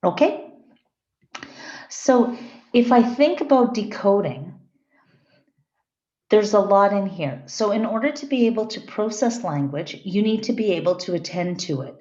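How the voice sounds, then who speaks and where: A woman's voice: mid-range voice, lively intonation, unhurried, pauses often, dark tone. A middle-aged woman giving a conversational classroom lecture and checking in with her students. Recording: echoey, dull lo-fi room recording.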